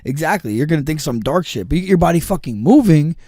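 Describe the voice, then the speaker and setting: A man's voice: fairly high pitch, fast, dry recording, studio quality. A man co-hosting a podcast in casual chat, telling stories with lots of swearing and acting out the people he quotes. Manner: animated storyteller, swears freely, acts out quoted people. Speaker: podcast co-host.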